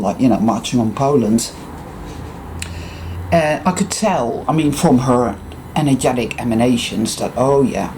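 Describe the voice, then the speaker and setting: A man with an English accent, ranting in a casual vlog monologue and telling profane, animated stories. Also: mid-range voice, background noise. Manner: mimics other people's voices. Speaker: vlogger.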